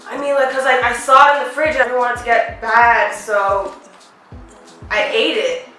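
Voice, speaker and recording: A young woman tells family stories in a bright, high voice, laughing often and acting out what her parents said. She sits a little back from the mic in a boomy, echoey room. Faint music plays underneath. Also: moderate pace. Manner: giggly, animated, acts out family members' lines. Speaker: vlogger telling family stories. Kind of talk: casual storytelling.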